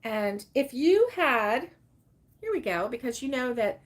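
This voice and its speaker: A woman's voice: a little high, big pitch swings, unhurried. An older woman, hosting a casual crochet livestream and rambling through stories with fillers and laughter. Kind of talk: casual chat to live viewers.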